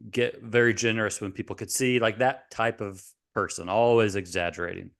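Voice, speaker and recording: Low-voiced rambling podcast man. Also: fairly even intonation, fairly quick, fairly bright tone. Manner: rambling, hesitant, lots of fillers and restarts. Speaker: podcast co-host. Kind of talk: casual chat.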